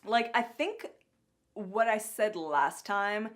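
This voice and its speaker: A young woman co-hosting a casual podcast, rambling and animated with lots of filler words. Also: medium pitch, takes it slowly. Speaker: podcast co-host reviewing a cartoon. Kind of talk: casual chat.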